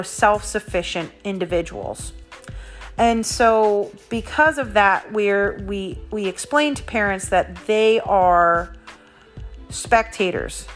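A woman's voice: medium pitch, a bit bright. A woman martial arts instructor explaining her academy's injury protocol in an earnest, step-by-step way, talking through scenarios.

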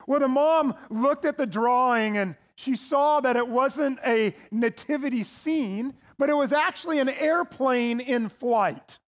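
Very high-voiced male pastor, conversational. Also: measured pace, hardly any pauses. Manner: conversational, folksy, with playful asides. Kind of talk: sermon.

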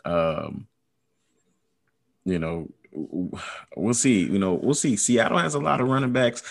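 A man with a deep, low voice co-hosts a relaxed podcast chat. He speaks in an easygoing, slightly hesitant way, with plenty of fillers. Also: unhurried, vocal fry. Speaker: podcast co-host. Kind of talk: casual fantasy football chat.

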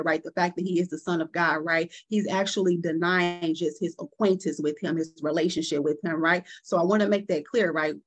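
A young adult woman giving a conversational sermon, earnest and personal, often checking in with the listeners by asking "right?". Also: on the low side. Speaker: guest preacher.

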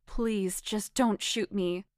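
A woman voicing a frightened young man who begs desperately for his life in a spoken story, at a slow pace. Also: medium pitch, steady tone, no room sound, studio quality, natural voice. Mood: pleading. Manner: pleading, desperate.

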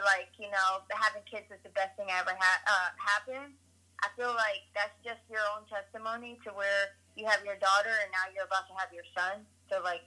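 A woman's voice: mid-range voice, sharp tone. A woman guest on a podcast, chatting casually and laughing easily. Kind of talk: casual chat. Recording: tinny phone line.

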